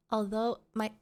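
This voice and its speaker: A woman VTuber streamer chatting casually with her viewers, playful and teasing as she coddles them. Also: mid-range voice. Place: home streaming setup.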